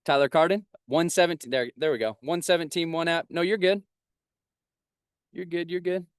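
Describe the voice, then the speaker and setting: A man's voice: on the high side, steady tone, normal speed, clean tone, no room sound, studio quality. Upbeat man rallying his team on a call. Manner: upbeat, hype-driven, repeats himself for emphasis. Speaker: agency leader hosting a team call. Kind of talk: motivational team huddle. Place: parked vehicle on a road trip.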